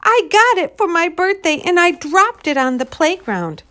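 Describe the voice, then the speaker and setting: A woman voicing an upset, indignant young schoolboy in a picture book read-aloud, loud and protesting. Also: very high-pitched, very animated, normal speed, voice pushed up, full character voice.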